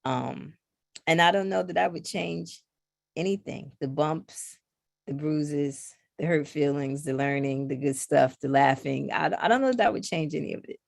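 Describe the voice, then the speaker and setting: A middle-aged woman with a low, gravelly voice talks casually as a podcast guest. She tells animated stories and jumps into other people's lines as she goes. The sound is dry and close, with no room around it. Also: normal speed, no echo. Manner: animated storyteller who acts out others' lines. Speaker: podcast guest, knitting designer. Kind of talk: casual conversation.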